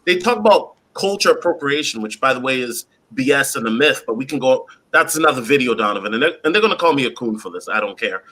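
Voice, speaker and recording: A man speaking as a panelist on a livestream, animated and often addressing the host. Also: mid-range voice, fast talker, hardly any pauses.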